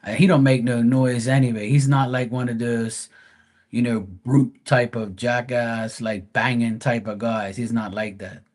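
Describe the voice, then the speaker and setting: A male live-stream host telling a casual anecdote at an ordinary pitch. He talks bluntly and swears freely. He rambles, restarts sentences and circles back as he goes. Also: fairly even intonation, measured pace, darkish tone.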